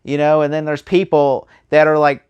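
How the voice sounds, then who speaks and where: A man giving a casual spoken movie review, rambling and animated, full of fillers and restarts. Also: a little high, normal speed, smooth.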